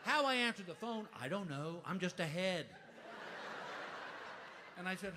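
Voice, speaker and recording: A man spins a stand-up story with a strikingly high voice, acting out his own panic in animated bursts. The clip carries clear background noise. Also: moderate pace, pauses often. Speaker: stand-up comedian.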